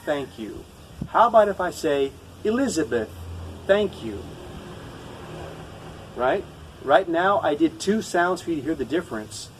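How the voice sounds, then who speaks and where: A man who speaks English natively, teaching a pronunciation lesson to camera, patient and repeating each example slowly. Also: on the high side, recorded from a distance, a little hiss or hum, poor audio.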